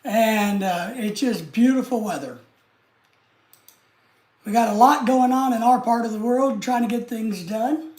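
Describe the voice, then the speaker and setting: A man's voice: very high voice, measured pace, pauses often, a little mellow. A man hosting a live stream, chatting casually and answering viewer comments in an easygoing way. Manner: easygoing, chatty, talks straight to the chat.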